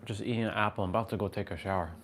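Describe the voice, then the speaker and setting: A man's voice: lowish voice, steady tone, racing, fairly bright tone, slight background noise. A man chatting casually on a live stream from his phone at home, rambling and greeting viewers by name. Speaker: vlogger. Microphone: phone on gimbal.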